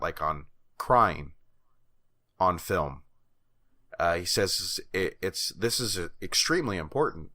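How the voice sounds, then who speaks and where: A man's voice: low voice, a bit bright. A man co-hosting a podcast in casual chat, a rambling storyteller who laughs often and swears casually. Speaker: podcast co-host.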